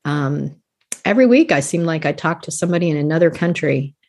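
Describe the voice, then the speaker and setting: A woman's voice: low-pitched, animated, a little fast, a little mellow. A woman in her fifties, a life coach guest on a podcast, talking earnestly and casually and laughing often between thoughts. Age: 50s.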